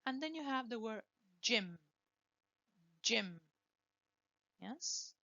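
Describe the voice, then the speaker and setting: A woman teaching English pronunciation, slowly and deliberately modelling words for students to repeat. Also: on the high side, expressive, bright, forceful tone, dry recording, dull audio. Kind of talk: pronunciation lesson with drills.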